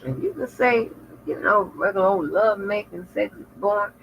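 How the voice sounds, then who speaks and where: A woman's voice: mid-range voice, animated, moderate pace, creaky. A woman vlogger chatting frankly and profanely with her viewers, telling stories in a loose, candid way. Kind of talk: casual chat to viewers. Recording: lo-fi with faint noise.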